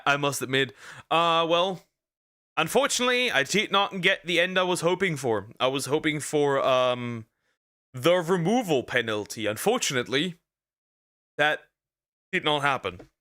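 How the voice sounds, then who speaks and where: Male streamer, bright tone, dry close mic, stammering jokey reactions. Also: medium pitch, dry recording. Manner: rambling, stammering, jokey asides. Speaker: VTuber streamer reacting to videos. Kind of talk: casual reaction commentary. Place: lives in Germany.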